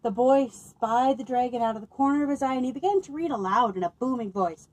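A children's librarian reads picture books aloud to kids, delivering them expressively and tossing in playful asides. Her voice sits high and moves fairly quickly with few pauses, though the audio quality is poor.

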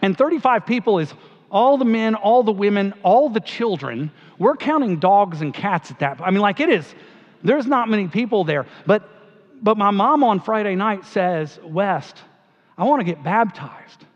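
A middle-aged man, a pastor, giving a memorial eulogy in a relaxed, humorous storytelling way. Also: high-pitched, moderate pace. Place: church hall. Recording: dull sound with long church reverb.

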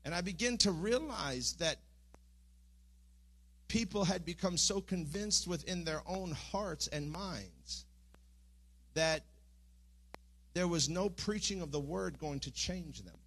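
A middle-aged man preaches a sermon in a church, his voice sitting a touch high for a man. He speaks earnestly, often with halting restarts, and climbs into impassioned pleading. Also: a bit bright. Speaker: pastor. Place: church sanctuary.

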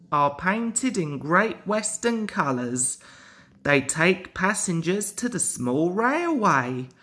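A man's voice: high voice, pushed and bright. A young man reading a children's railway storybook aloud, carefully. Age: young adult.

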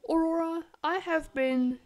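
A woman's voice: very high voice, a little slow, a little mellow, pitched above the performer's own voice. A woman voicing a pompous aristocratic baroness who gives a grand, formal speech. She is sick.

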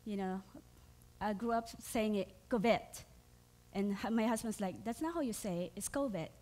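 A woman's voice: medium pitch, a little fast, warm tone. A woman with a Filipino accent preaching a sermon in a chatty way, with many fillers, restarts and frequent laughter. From Philippines. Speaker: church speaker.

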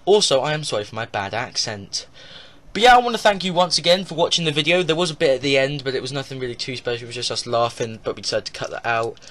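A man's voice: mid-range voice, fast, fairly bright tone. Apologetic man wrapping up a video. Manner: apologetic, filler-heavy. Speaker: channel host. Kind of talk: casual video outro.

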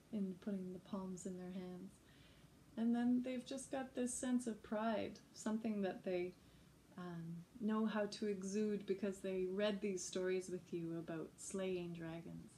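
A woman music teacher talks other teachers and parents through classroom ideas in an easy, unhurried way. Her voice is mellow and soft-edged, and she speaks slowly and gently. Her delivery is informal and chatty, like a friendly workshop. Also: mid-range voice, slight background noise. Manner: gentle, chatty, breaks into short sung examples. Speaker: early childhood music educator.

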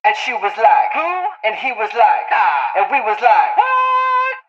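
A man putting on squeaky, cartoonish voices for a podcast intro jingle. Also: wildly swooping pitch, measured pace, reverberant, highs cut off, exaggerated voice. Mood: silly.

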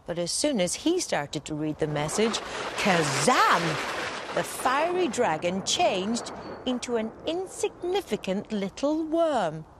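A woman reading a bedtime story aloud in a gentle, expressive storytelling manner. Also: on the high side, unhurried, noisy background.

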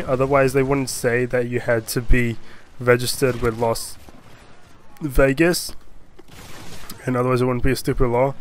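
Young guy, a little under the weather, doing casual rambling comedic commentary at a medium pitch. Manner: rambling and jokey, with many fillers and silly voices. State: sick. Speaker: online video commentator. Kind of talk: casual commentary reading out odd laws.

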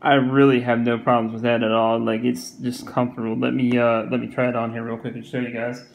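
Gravelly Southern man reviewing a watch. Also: medium pitch, little pitch movement, brisk, low-quality recording. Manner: rambling, repeats himself, many fillers. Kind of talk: casual product review.

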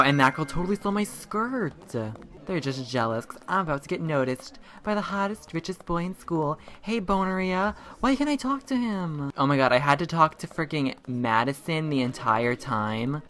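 A man hosting a comedic game commentary, flamboyant and crude, with sudden squealing highs. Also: bright, forceful tone. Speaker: gaming channel host.

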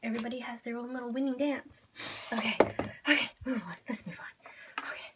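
A woman vlogger opening blind boxes on camera at home, gushing and giddy, jittery with excitement, swinging between squeals and hushed whispers. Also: a little high, a little fast, very noisy. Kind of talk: excited unboxing chat.

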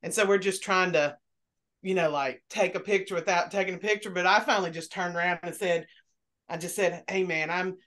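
A woman on a podcast panel, chatting casually and telling animated stories, swearing freely. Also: fairly low pitch, a little fast. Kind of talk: casual chat.

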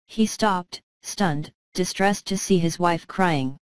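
Smooth low-voiced woman narrating a story. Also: no room sound, poor audio. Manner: calm, measured storytelling. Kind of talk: scripted narration.

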